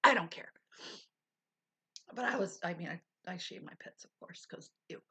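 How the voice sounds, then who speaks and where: A woman's voice: lowish voice, lively intonation, moderate pace, gravelly, sharp tone, breathy edge. A middle-aged woman hosting a casual livestream, chatting candidly with viewers and laughing often while she recovers. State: recovering, low on energy. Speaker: livestream host. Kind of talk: casual live chat with viewers.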